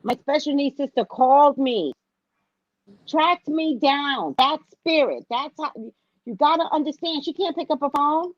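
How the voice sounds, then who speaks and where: Woman, lively storyteller, slightly high voice, plays out the voices in her story, dull dry lo-fi sound. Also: measured pace, no echo. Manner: animated, acts out quoted voices, repeats phrases for emphasis. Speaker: special education teacher. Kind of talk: casual storytelling.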